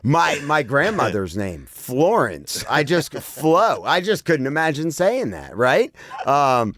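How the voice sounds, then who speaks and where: Playful, animated podcast host man. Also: fairly high pitch, slow, dry recording, studio quality. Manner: playful, laughs often. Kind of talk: casual chat.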